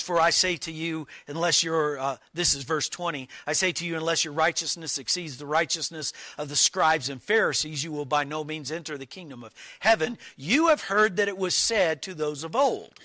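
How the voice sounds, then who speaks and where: A man preaching a teaching sermon, slow and deliberate, stressing quoted lines. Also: on the high side, pushed and bright, no room sound. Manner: slow, deliberate, emphatic on quotations.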